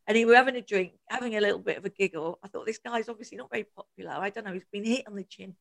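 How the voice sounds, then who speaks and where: Rapid-fire and creaky, a mid-range female voice belongs to a podcast co-host. She's animated in casual storytelling, laughing frequently and performing the quotes she relays.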